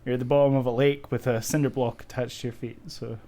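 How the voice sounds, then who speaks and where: A man's voice: mid-range voice, little pitch movement, fast talker, warm tone. A man hosting a podcast, teasing his co-host in casual chat and laughing easily. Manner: giggly, teasing.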